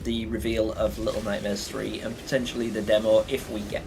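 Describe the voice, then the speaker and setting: A man's voice: fairly low pitch, level tone, a little fast, creaky. A young man chatting casually on a livestream, rambling with lots of fillers and chuckles.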